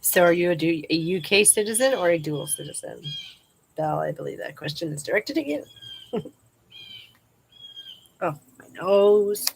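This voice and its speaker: A woman's voice: on the low side, animated, a little fast, vocal fry, a little hiss or hum, rough recording. A woman hosting a live chat outdoors, casually reading viewer comments aloud and laughing often.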